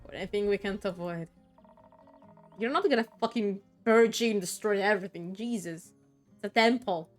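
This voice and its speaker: A woman streamer giving casual, excitable commentary while playing through a game, laughing often and swearing freely. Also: medium pitch, normal speed, faint music behind.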